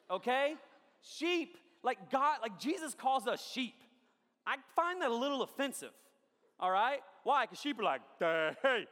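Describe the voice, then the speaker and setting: High, bright-voiced pastor preaching. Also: male voice, long reverb tail. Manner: animated, jokey, asks the crowd often. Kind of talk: sermon with storytelling. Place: large church hall.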